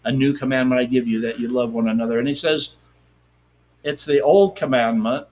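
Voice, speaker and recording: A man, a guest pastor, explaining scripture in a measured, thoughtful way during a casual podcast chat. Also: mid-range voice, a little mellow.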